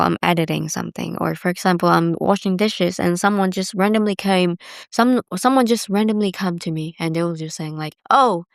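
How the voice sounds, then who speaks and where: A woman's voice: fairly low pitch, gravelly, no echo, studio quality. A young woman hosting a podcast alone, talking candidly and rambling, filling her sentences with "like". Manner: candid, rambling, heavy use of "like". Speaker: podcast host. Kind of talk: casual solo confessional talk.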